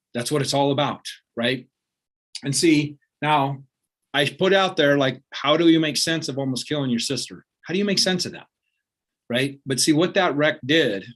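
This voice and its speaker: A man giving a motivational talk, earnest and conversational, often checking in with his audience. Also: mid-range voice. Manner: earnest, peppered with "right?" and "like". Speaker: motivational speaker.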